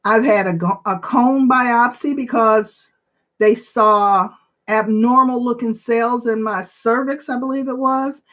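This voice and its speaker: A woman in her sixties hosting her own channel, chatting casually and emotionally to viewers with many pauses and fillers. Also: fairly high pitch, steady tone, a bit bright. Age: 60s. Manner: slow, emotional, tearful at times, with pauses and fillers. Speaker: channel host.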